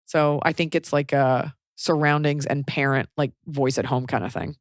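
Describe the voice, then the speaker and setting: A woman's voice: low voice, steady tone, normal speed, no echo, clean studio sound. A woman from Texas with a light Texan accent, hosting a podcast in casual, rambling chat full of fillers. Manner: chatty, lots of likes and fillers. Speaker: podcast host.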